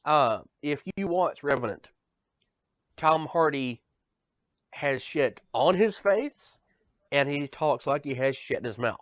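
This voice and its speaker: A man's voice: on the high side, animated, normal speed, no room sound. Ranting, stammering man on a podcast. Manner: ranting, profane, stammers and repeats. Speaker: podcast co-host. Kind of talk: casual banter. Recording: dull lo-fi sound, dry.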